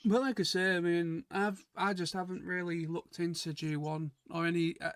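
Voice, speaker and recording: A man's voice: high-pitched, steady tone, normal speed, clean tone, no echo, studio quality. A man co-hosting a casual chat stream, rambling and chatty, stumbling over and repeating his words. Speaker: stream co-host.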